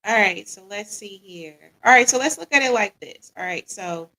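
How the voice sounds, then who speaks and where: Woman host, chatty and casual, gravelly, bright tone. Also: medium pitch, expressive, normal speed, low-quality recording. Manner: casual and conversational, often asks the audience "what y'all think"; reads audience comments aloud and laughs along. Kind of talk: live-stream chat with an audience.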